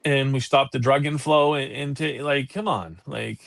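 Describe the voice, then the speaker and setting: A man's voice: medium pitch, steady tone, normal speed, creaky, a bit bright, no echo. A man hosting a live talk show, ranting in heated, profane casual chat. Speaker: podcast host.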